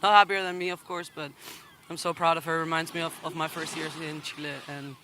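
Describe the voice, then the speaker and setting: A woman from the Canary Islands, a competing athlete, gives an emotional post-heat interview at a beach contest, halting and apologetic, close to tears and laughing through her nerves. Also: low voice, flat delivery, background noise.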